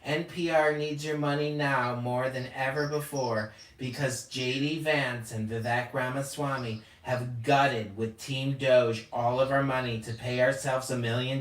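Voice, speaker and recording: A man voicing a low, deadpan public radio pledge announcer in a parody. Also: lightly acted. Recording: distant, roomy.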